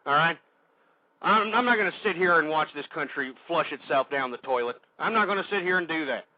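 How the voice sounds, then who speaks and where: Man, angry radio rant, high voice, dry muffled lo-fi sound. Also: expressive, a little fast, no room sound. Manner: shouting, insulting, exasperated. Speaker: radio host.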